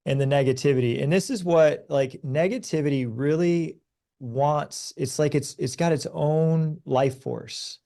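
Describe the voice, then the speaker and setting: A man in his thirties, a podcast guest, talking earnestly and telling stories in a relaxed conversation. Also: on the high side, measured pace, gravelly. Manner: earnest, storytelling, animated when recounting events. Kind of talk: conversational advice talk.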